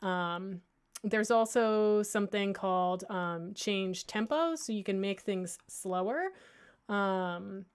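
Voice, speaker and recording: In an informal library workshop that feels unscripted, a woman at ordinary pitch with a clear, resonant tone walks a class through audio editing via casual screen-share. She is relaxed and chatty, thinking aloud with many fillers and restarts. She is playful, lightly mocking herself and joking about her slips.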